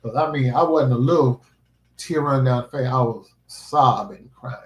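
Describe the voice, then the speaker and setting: A man's voice: medium pitch, normal speed. A man livestreaming a vlog, talking in an earnest, emphatic, preacherly way about faith and his life. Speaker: livestreaming vlogger. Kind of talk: casual heartfelt livestream talk. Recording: roomy echo.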